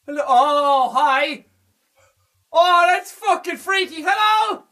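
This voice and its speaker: Male gaming host, horror playthrough: high, bright voice, jumpy and profane, slightly distant mic. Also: animated, moderate pace. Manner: jumpy, swearing, shouting when scared. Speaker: gamer playing a horror game. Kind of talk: let's play commentary.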